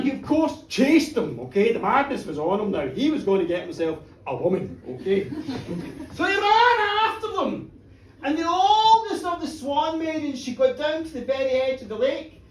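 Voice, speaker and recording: Woman telling a tale in a bar. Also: fairly high pitch. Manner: dramatic, swings from hushed to shouting. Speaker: storyteller. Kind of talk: live folk tale telling. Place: bar, live performance before an audience. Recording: roomy, distant live bar recording.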